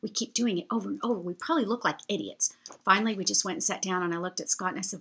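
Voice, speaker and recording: A woman telling a travel story to her viewers in a chatty, animated way. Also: medium pitch, racing, slightly rough. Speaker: vlogger. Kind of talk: storytelling travel anecdote to camera.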